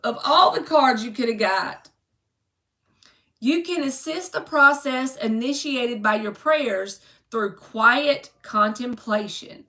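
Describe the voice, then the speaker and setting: A woman's voice: on the high side, slow, bright, forceful tone, far from the mic. A woman doing a chatty, joking tarot reading for her viewers, calling them by name. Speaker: tarot reader. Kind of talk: casual live-stream tarot reading. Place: home room.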